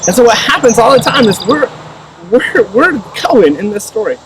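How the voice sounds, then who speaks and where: Male pastor preaching, high voice, animated, mic a bit far away. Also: normal speed, a little hiss or hum. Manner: animated, acts out voices with rising pitch. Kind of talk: sermon. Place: church sermon recording. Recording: voice a little distant from the mic.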